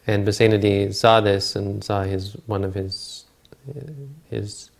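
A man's voice: on the low side, level tone, measured pace, creaky. A man retelling a Buddhist scripture story in a talk, informal and searching aloud for words and names.

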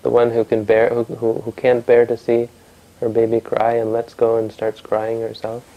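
A man speaking as a wise male sage who calmly settles a dispute, in his own everyday storytelling voice. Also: mid-range voice, normal speed, dull audio, close to an everyday voice. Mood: questioning.

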